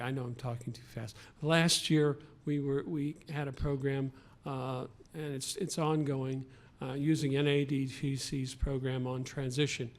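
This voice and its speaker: A man who runs a transit agency's outreach, speaking at a press conference, halting, with many fillers and restarts. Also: mid-range voice, darkish tone. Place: press club event room.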